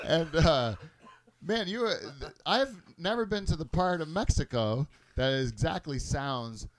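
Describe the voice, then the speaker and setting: A man's voice: on the high side, lively intonation, takes it slowly. A man hosting a podcast, asking short questions and laughing often in a casual chat. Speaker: podcast host.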